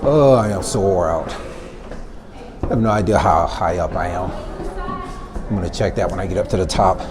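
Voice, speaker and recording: A man with a deep, low voice chats breathlessly to his handheld camera while climbing a narrow tower. His running commentary is casual and loose. Clear background noise from the surroundings sits under his voice. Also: normal speed. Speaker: travel vlogger. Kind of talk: casual travel vlog narration. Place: inside a stone tower and outdoors at a canyon rim.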